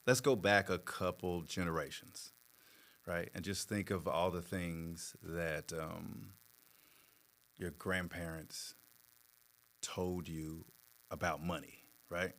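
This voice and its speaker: Guy, lowish voice, therapist type, talks it through slow with lots of ums. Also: steady tone, pushed and bright. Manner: measured, explains patiently with many fillers. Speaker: therapist guest. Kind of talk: conversational explanation.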